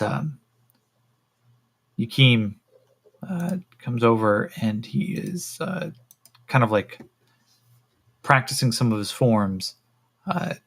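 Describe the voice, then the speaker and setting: A man running a solo tabletop role-playing game on a stream, relaxed and thinking aloud with a lot of fillers and swearing. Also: medium pitch. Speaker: solo game master and player.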